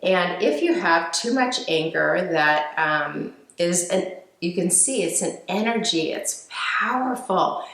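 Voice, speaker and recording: A woman speaks slowly and gently in a fairly low voice, with many fillers and restarts as she teaches. Her voice rings in an echoey room. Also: expressive. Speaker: speaker on emotional healing. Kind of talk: reflective teaching talk.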